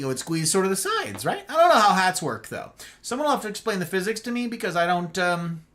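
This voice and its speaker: Animated, jokey male streamer. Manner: playful and jokey, with big swoops of pitch. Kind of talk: casual live-stream chat with viewers.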